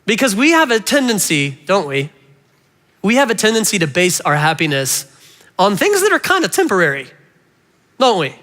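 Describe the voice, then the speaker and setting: Lively male preacher with a high, bright voice. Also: moderate pace, long pauses. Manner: animated, playful, talks directly to the audience. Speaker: pastor. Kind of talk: sermon. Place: large church hall. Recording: reverberant church hall.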